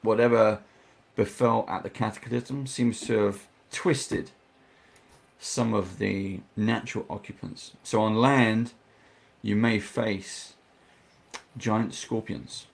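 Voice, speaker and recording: Man, dungeon master voicing an NPC; unhurried, fry in the voice. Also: lowish voice, steady tone. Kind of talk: narrating a tabletop game in character as an NPC.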